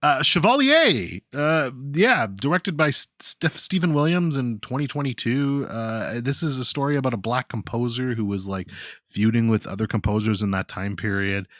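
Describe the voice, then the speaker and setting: A man's voice: medium pitch, normal speed, dry recording, studio quality. A man co-hosting a casual podcast, swearing freely and retelling things with big enthusiasm. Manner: crude, laughing, animated storytelling. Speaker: podcast co-host. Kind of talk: casual chat.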